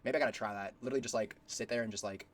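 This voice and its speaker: A man's voice: lowish voice, very fast, slight background noise. A young man casually rambling through a reaction video, slangy and full of fillers.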